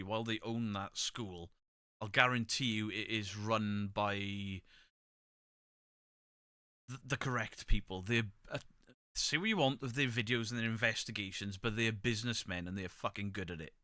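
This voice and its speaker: A man's voice: lowish voice, moderate pace, bright, forceful tone, clean tone, dry recording, clean studio sound. A man hosting a casual live stream, reading viewer comments and giving blunt, opinionated takes with the odd swear. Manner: chatty, opinionated, swears freely. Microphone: desk microphone, pulled close.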